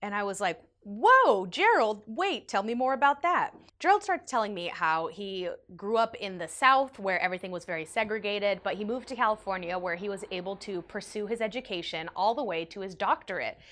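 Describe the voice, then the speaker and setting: A young woman vlogger telling a personal story in an animated, emotional way, with big swings in her voice. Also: mid-range voice, brisk, hardly any pauses. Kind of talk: storytime vlog.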